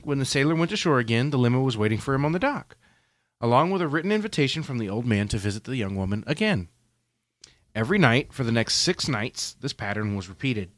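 Animated man reading a story aloud. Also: mid-range voice, dry recording, clean studio sound. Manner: reads aloud with playful quoted voices and asides. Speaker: podcast co-host. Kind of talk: casual chat and story reading.

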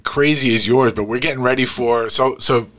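A man in his thirties co-hosting a podcast, telling family stories in a lively, animated way. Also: mid-range voice, normal speed. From Greek heritage. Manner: animated storyteller, acts out quotes. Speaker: podcast co-host. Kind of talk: casual chat.

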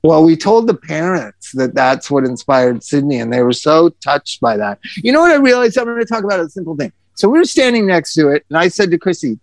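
A man in casual chat who tells lively stories, swears freely and breaks into quick asides. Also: a little high, dry recording.

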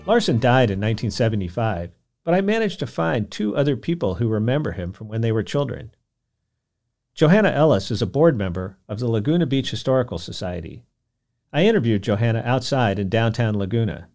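A man hosting a podcast, telling a history story in scripted documentary narration with an expressive delivery. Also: medium pitch, fairly quick. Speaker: podcast host.

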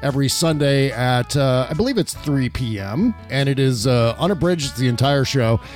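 A man hosting a casual political talk show, chatty and quick to laugh, with a wry edge. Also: mid-range voice, a little mellow, soft background music. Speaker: podcast host.

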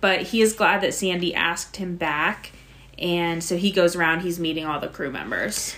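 A woman's voice: fairly low pitch, expressive, moderate pace, fairly bright tone. Chatty woman recapping a reality show. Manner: chatty, narrating events with frequent "like" and "so". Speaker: podcast co-host. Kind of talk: casual episode recap chat.

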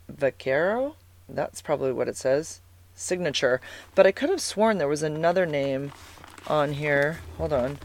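A low, somewhat mellow voice belongs to a Californian vlogger in her forties. Chatting casually to camera, she tells personal stories in a rambling way, packed with "like"s and fillers.

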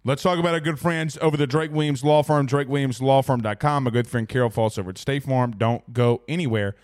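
A man's voice: mid-range voice, brisk, darkish tone. A man hosting a casual sports talk stream, chatting loosely as he reads out viewer comments. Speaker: sports talk show host.

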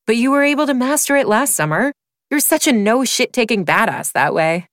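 A woman's voice: a little high, lively intonation, brisk, a bit bright, no echo, studio quality, pitched above the performer's own voice. A woman voicing a sassy female best friend with a Southern US accent and a teasing drawl.

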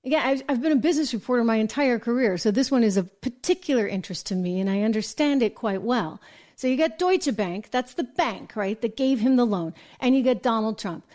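A woman hosting a news commentary show, talking brisk and emphatic with sarcastic asides. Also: on the high side, lively intonation, a little mellow. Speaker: show host and business reporter. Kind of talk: opinionated political news commentary.

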